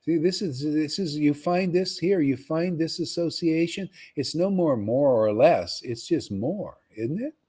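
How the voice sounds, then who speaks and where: A man giving an informal, rambling devotional talk to followers, often pausing to ask "see?" and repeating himself. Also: a little high, lively intonation, warm tone, husky. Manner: conversational, rambling, repeats words and asks "see?". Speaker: spiritual teacher.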